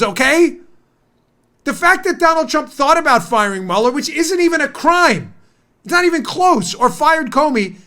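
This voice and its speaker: A middle-aged man hosting a political talk show, animated and acting out mock scenes with quick asides. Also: very high-pitched. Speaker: host.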